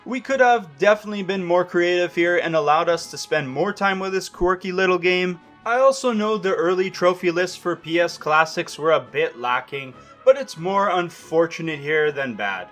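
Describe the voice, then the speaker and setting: A man's voice: sits high, lively intonation, normal speed, few pauses, fairly bright tone. A young man narrating a scripted trophy guide for video games, with wry, self-deprecating asides. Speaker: game guide host. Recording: voice-over over faint music.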